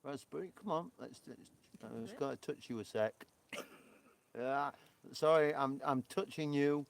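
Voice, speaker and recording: A man's voice: fairly high pitch, unhurried, gravelly. A man with a Yorkshire accent co-hosting a live stream, rambling and chatty with lots of fillers. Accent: Yorkshire English. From England.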